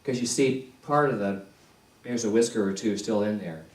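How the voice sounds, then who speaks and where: A male minister preaching a sermon in a slow, deliberate way, repeating key phrases for emphasis. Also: lowish voice. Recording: echoey church hall, distant mic.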